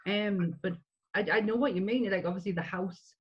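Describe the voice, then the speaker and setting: A woman in casual film chat, talking in quick bursts with many restarts. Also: medium pitch, husky, lo-fi sound. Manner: chatty, many restarts and fillers.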